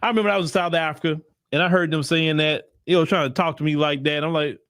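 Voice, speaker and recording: Blunt man, slightly high voice. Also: fairly even intonation, fast talker, fairly bright tone, smooth, dry recording, clean studio sound. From United States. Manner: emphatic, blunt and repetitive, slangy. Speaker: commentary channel host. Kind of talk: casual opinion commentary.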